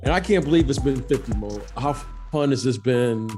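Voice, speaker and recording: A man's voice: medium pitch, lively intonation, normal speed, music in the background. A man in his fifties co-hosting a casual sports podcast, telling stories in an easygoing, reflective way. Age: 50s. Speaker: podcast co-host, former pro player.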